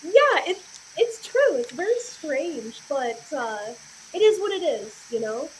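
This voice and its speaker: A woman's voice: high-pitched, sing-song, measured pace, slight background noise, rough recording. A woman guest on a horror podcast, chatting casually with many fillers and giggles. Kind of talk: casual chat. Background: dog nearby.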